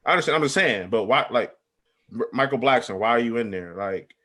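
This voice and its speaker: A man with a mid-pitched voice talks in a laid-back, hesitant way. He is chatting casually with friends on a podcast. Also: lively intonation, brisk, pushed and bright. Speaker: podcast co-host. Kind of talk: casual chat.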